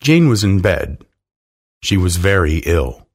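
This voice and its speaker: Slow, deep-voiced male storyteller. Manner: slow, deliberate, expressive. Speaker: narrator. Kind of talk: storybook reading aloud.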